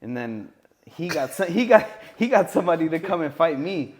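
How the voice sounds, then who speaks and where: A man's voice: on the high side, big pitch swings, moderate pace. A man who is a guest on a podcast, telling stories animatedly and swearing freely. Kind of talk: casual chat.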